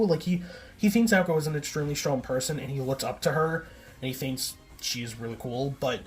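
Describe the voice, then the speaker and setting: A man giving a casual, rambling recap, often correcting himself and filling gaps with "like" and "um". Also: medium pitch. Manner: rambling, self-correcting, filler-heavy. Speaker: video essayist.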